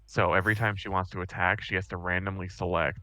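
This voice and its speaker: A man playing a tabletop game, joking and laughing, with halting fillers. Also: sits low, level tone, sharp tone, no room sound. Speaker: player. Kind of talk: casual tabletop game chat with radio DJ bit.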